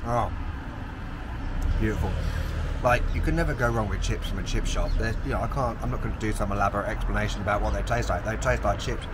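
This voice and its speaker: A man's voice: on the low side, fast, background noise. A man in his thirties from London with a London accent, chatting casually and cheekily to camera on trains, streets and in a chip shop. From London, England. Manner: chatty, cheeky, self-mocking. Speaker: travel vlogger. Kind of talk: casual vlog commentary.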